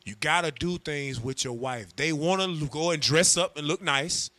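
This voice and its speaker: Guy preaching, slangy and animated, real bright tone, acts out couples talking. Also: a little high, normal speed. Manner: animated, slangy, acts out voices of husbands and wives. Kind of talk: street-style sermon.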